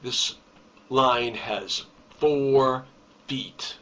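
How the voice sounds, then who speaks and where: Slow, deliberate male teacher, distant lo-fi sound. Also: medium pitch, a bit bright. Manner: slow, deliberate explaining with emphasis on key terms. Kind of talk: recorded poetry lesson. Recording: distant, dull lo-fi recording.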